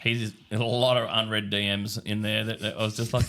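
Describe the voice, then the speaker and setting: A man's voice: on the low side, flat delivery, fairly quick, pushed and bright, slight background noise. An Australian man chatting as a podcast guest, telling rambling stories and acting out his own past lines. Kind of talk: casual podcast chat.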